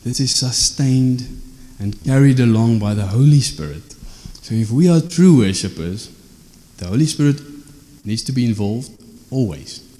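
A man's voice: medium pitch, expressive, a little slow, mellow, in a large hall. A man, preaching an informal teaching sermon in a conversational way, often checking in with tag questions.

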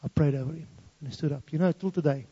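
Afrikaans south african guy telling a story, switching between languages, slightly high, rough and gravelly. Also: quick pace, warm tone. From South Africa, Free State. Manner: switches between English and Afrikaans, acts out quoted voices. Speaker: speaker giving a testimony. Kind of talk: storytelling testimony. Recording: dull lo-fi sound in a reverberant hall.

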